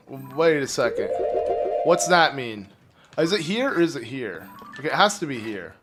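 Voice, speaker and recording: A man streaming a game live, chatting casually and rambling to his viewers while his phlegmy throat keeps needing clearing. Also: medium pitch, animated, a little slow, long pauses, a bit bright, faint music behind. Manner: rambling, chatty, talks to chat. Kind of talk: casual live gameplay commentary.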